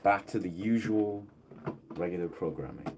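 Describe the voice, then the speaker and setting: A man's voice: deep voice, normal speed, heavy background noise. A man streaming as a music producer, talking casually to himself and his chat while troubleshooting his setup.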